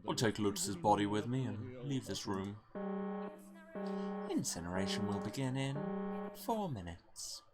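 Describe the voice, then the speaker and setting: A man voicing a calm, gloating older male villain, speaking softly and slowly with menace. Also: lowish voice, loud music behind the voice. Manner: soft, slow, menacing.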